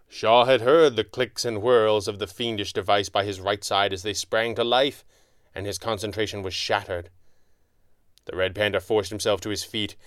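A man narrating a pulp adventure audiobook in a measured, dramatic way. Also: on the low side, fairly bright tone, clean tone, no echo, clean studio sound.

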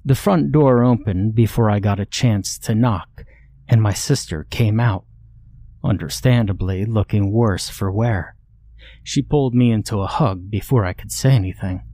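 A man narrating a first-person horror story in a measured, steady way. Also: lowish voice.

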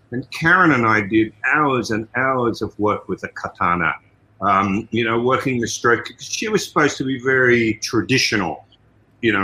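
Bright-voiced Australian man, animated guest. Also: medium pitch, rough recording. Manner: animated storytelling with many "you know" asides. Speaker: guest, martial arts trainer and fight coordinator. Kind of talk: casual interview talk.

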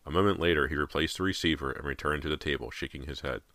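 Very deep-voiced male narrator. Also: fast talker, fairly bright tone, dry recording. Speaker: audiobook narrator. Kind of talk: scripted horror narration.

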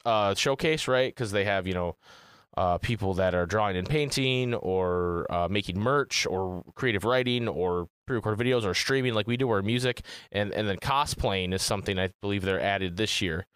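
A man's voice: lowish voice, moderate pace, fairly bright tone, smooth, no echo, clean studio sound. A man co-hosting a gaming podcast in casual chat, rambling and swearing freely. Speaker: podcast co-host.

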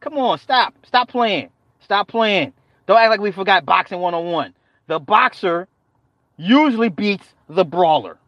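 A man with a fairly high voice riffs loosely with his stream chat, cursing freely, laughing easily and hammering his points with repetition. The sound is dull and lo-fi but very dry and close, with no room echo. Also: lively intonation, measured pace. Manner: profane, joking banter with frequent laughter; talks back to chat, repeats phrases for emphasis. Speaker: live streamer. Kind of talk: casual live-stream chat.

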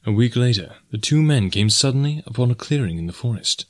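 With a mid-range voice, a man narrates an audiobook from a script, keeping his storytelling measured and even.

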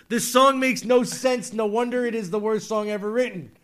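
A man's voice: high voice, fairly even intonation, normal speed, hardly any pauses, fairly bright tone. A man co-hosting a casual comedy podcast, mockingly reading song lyrics aloud and laughing often. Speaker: podcast co-host.

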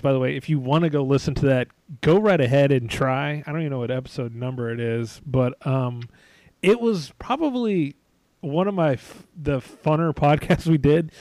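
A man's voice: a little high, darkish tone, dry recording. A man hosting a podcast, chatting casually in a rambling, self-deprecating way, laughing often. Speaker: podcast host. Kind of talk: casual chat. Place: away from home, remote.

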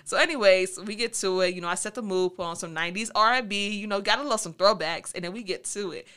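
Woman, podcast host, bright tone, frank and slangy personal storytelling, playful asides. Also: mid-range voice, fast talker, clear, resonant tone. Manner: frank, playful, slangy, acts out her own thoughts in quotes.

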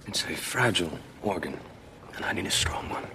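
An actor playing a measured, soft-spoken doctor in a TV drama, with a British-tinged American accent. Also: male voice, low voice, animated, in a whisper. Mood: calm, eerie. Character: eerie, soft-spoken male doctor seeking a heart. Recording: TV clip with music beneath.

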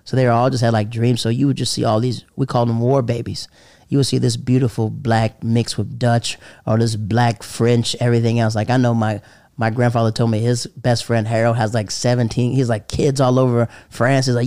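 A man's voice: medium pitch, flat delivery, moderate pace, creaky, darkish tone, no echo, clean studio sound. A man who is a stand-up comedian, talking casually and rambling with lots of "like" fillers as he acts out the people in his stories. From American South. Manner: rambling, loaded with "like", acts out quoted voices. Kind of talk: casual storytelling chat.

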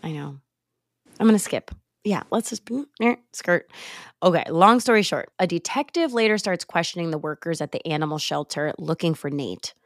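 A young woman hosting a podcast from home, retelling a movie plot in a casual, animated way, with sighs and laughs. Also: on the low side, moderate pace, dry recording, clean studio sound. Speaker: podcast host. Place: home, late at night. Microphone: remote call recording.

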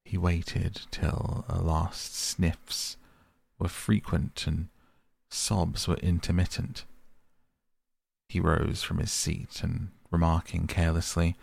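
A man reading a classic children's book aloud in a soft, gentle bedtime style on a close mic. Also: sits low, fairly even intonation, vocal fry, breathy edge, dry recording. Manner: gentle, unhurried. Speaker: audiobook narrator.

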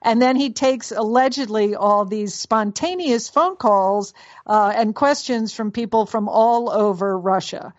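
Chatty woman on a dull recording. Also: mid-range voice. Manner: chatty, many fillers and restarts. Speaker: podcast co-host. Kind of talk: casual chat.

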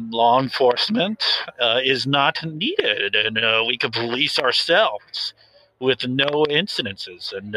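A man's voice: medium pitch, sharp tone, dry recording, heavily acted, poor audio. A man playing an earnest young self-styled safety officer in an improvised mock interview, talking hesitantly with many fillers and getting defensive.

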